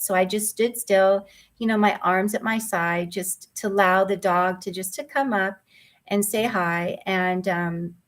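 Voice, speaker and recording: Woman coach, gentle and earnest, mid-pitched, personal storytelling with casual ums. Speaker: mindfulness coach.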